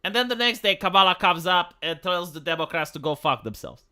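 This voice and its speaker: A man's voice: high voice, a little fast, clear, resonant tone. A man from Romania, ranting casually on a live stream with lots of stammers and swearing. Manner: profane, stammering, animated. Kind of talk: casual livestream rant.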